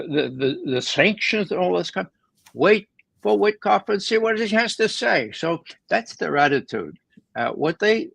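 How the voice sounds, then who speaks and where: Gravelly-voiced man, emphatic guest. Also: a little high, fairly bright tone, dry recording, low-quality recording. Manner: emphatic, with frequent repeated words and restarts. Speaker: guest analyst. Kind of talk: conversational political commentary.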